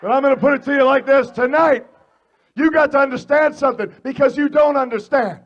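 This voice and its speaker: A man cutting a wrestling promo, brash and taunting, shouting insults at the crowd. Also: extremely high pitch, fairly quick, dull audio. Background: arena crowd.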